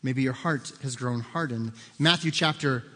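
A man's voice: mid-range voice, moderate pace, fairly bright tone. A man preaching a sermon as pastor, earnest and emphatic, repeating his key lines for weight. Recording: long reverb of a large hall.

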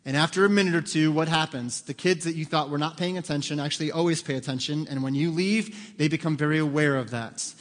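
Joking pastor preaching in a reverberant church. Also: male voice, fairly high pitch, fairly quick. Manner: lively, joking, acts out voices of children. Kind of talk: sermon. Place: church sanctuary. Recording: long hall reverb.

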